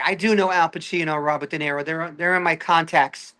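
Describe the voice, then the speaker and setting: A little high-voiced and brisk, a man from Brooklyn, New York, runs through his stand-up with hardly any pauses, his Brooklyn accent clear. He's animated and chatty, repeatedly saying "all right" to the audience.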